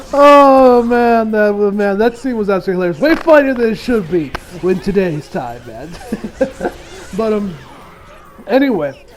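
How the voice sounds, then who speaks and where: High-voiced man rambling through an anime review. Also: sing-song, slow, pauses often, slight background noise, rough recording. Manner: rambling, frequent restarts, laughs often. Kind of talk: casual episode review.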